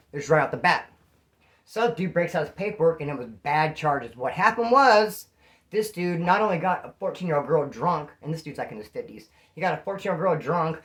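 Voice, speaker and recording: A man from Bakersfield, California, telling a prison story in casual, animated street slang. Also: fairly high pitch.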